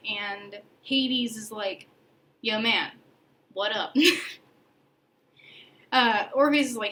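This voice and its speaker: A woman's voice: medium pitch, bright, forceful tone, poor audio. A young woman hosting a podcast, retelling a myth in a chatty, playful way with slang and laughs. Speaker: podcast host. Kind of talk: casual mythology storytelling.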